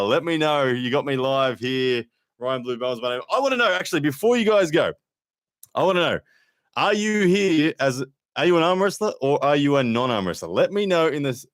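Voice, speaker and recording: A man's voice: a little high, no room sound, studio quality. Man chatting on a live stream. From Australia. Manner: chatty, reads out viewer comments, frequent fillers. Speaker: livestream host and arm wrestler. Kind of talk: casual live-stream chat.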